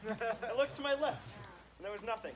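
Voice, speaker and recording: A man's voice: very high voice, animated, brisk. A man leading a campfire sing-along at a summer camp, joking and trading calls with the campers. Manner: joking, call-and-response. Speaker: camp song leader. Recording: noisy outdoor crowd recording. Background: crowd of campers.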